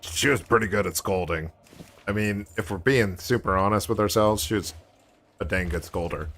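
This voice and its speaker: A man's voice: fairly low pitch, moderate pace, a bit bright. A man streaming a game, chatting casually in a rambling way with joking asides. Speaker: gaming streamer. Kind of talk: casual chat while gaming.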